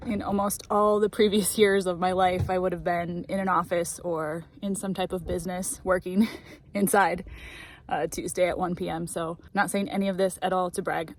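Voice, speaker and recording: A woman's voice: on the low side, a little hiss or hum, rough recording. Chatty woman vlogging a road trip. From United States. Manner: chatty, laughs often, enthusiastic. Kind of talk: casual travel vlog. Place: in her car and outdoors at a scenic overlook.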